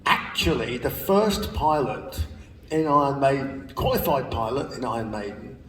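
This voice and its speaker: On a large theater stage at a live spoken-word event, an older man swaps laughing, chatty anecdotes with the audience and swears casually. His mid-range voice is animated and a bit bright at normal speed, and the distant audience recording carries hall reverb and slight background noise.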